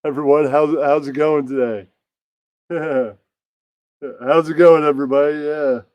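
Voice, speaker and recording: A man's voice: a little high, steady tone, a little slow, smooth, dry recording, muffled recording, close to an everyday voice. A man doing a cocky young comic puppet. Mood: cocky roast. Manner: rhyming crude insults. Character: young male would-be comic roasting a host, puppet.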